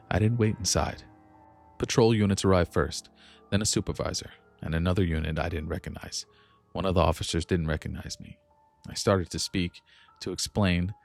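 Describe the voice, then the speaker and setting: Low gravelly male horror narrator. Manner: measured, tense first-person storytelling. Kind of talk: scripted horror story narration. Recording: soft music bed behind the voice. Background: faint instrumental music.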